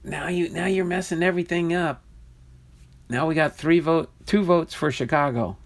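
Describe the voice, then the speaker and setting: A man's voice: fairly high pitch, moderate pace. Chatty man hosting a live stream. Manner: chatty and easily amused, reading viewer comments aloud. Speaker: livestream host opening trading card packs. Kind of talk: casual live-stream chat.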